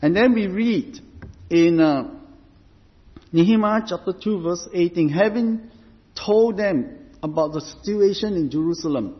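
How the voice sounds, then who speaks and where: A man preaching a sermon as pastor, deliberate and emphatic, stressing points through repetition. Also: high voice. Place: church. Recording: reverberant hall, dull lo-fi sound.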